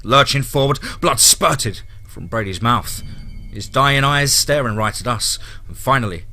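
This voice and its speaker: A man's voice: medium pitch, unhurried, sharp tone, faint music behind. A man telling a horror story aloud in a dramatic, tense narration style.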